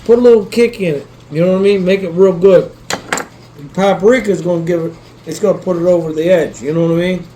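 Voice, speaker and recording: Quick-paced and warm, this man's high voice stays fairly even in intonation, captured in a low-quality recording with slight background noise. He's a cooking channel host rambling in his kitchen, swearing casually, addressing his viewers and repeatedly asking "you know what I mean."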